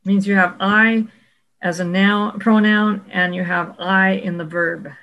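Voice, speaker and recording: Gravelly-voiced woman teaching scripture. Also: medium pitch, fairly even intonation, fairly bright tone, lo-fi sound. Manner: explanatory, quotes scripture slowly, some restarts. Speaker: Bible teacher in discussion. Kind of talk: casual scholarly discussion.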